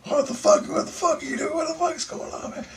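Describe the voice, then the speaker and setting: A man's voice: extremely high pitch, fairly even intonation, brisk, a bit bright, slight background noise, voice pushed up. A man voicing his startled young male cousin, alarmed and swearing.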